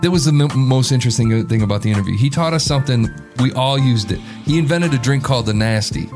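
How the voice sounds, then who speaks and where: A man's voice: medium pitch, fast, soft background music. A man hosting a podcast, chatting casually and laughing as he looks back on old episodes. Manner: animated, laughs a lot, profane. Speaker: podcast host. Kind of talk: casual chat, recalling past episodes.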